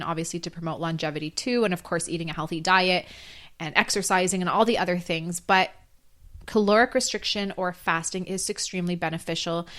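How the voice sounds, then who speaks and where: A woman hosting a solo health podcast, earnest and explanatory, hoarse from losing her voice. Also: on the low side, fairly bright tone. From North America. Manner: earnest, explanatory, with fillers and restarts. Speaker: podcast host.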